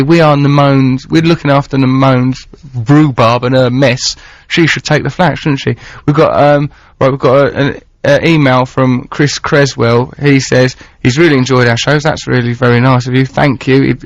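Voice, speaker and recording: A man's voice: mid-range voice, no echo. A man rambles playfully through a casual radio chat, reading listener messages aloud. His voice sits in the middle of the male range, dry and close. The broadcast sound is dull and a little muffled. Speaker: radio host. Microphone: studio microphone.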